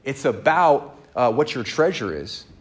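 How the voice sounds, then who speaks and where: A man in his thirties preaching a sermon, telling stories with lively acted-out dialogue that swings his voice up and down. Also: measured pace. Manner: animated storyteller, acts out dialogue with big pitch jumps. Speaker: pastor.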